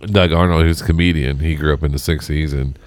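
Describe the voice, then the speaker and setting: Very deep-voiced joking man, chatting. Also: steady tone, brisk, dry recording. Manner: rambling, joking, profane. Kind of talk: casual chat.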